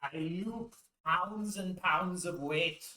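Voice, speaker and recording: A man's voice: high-pitched, takes it slowly, pushed and bright. A man hosting a casual joking vlog, full of puns and crude asides, while he does weighted exercises. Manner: jokey, punning, crude asides. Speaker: YouTube host. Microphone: camera mic from a distance. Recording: roomy echo, far from the mic, faint noise.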